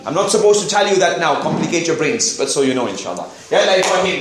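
A man's voice: on the high side, big pitch swings, normal speed, sharp tone, faint music behind. A man teaching an Arabic lesson to a class, drilling phrases and having everyone repeat. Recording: very echoey room, mic far off.

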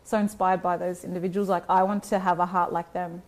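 A woman's voice: on the low side, level tone, brisk, a little mellow. Woman guest, earnest and reflective, casual chat. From Australia. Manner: earnest, reflective, many restarts. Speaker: guest, community organizer.

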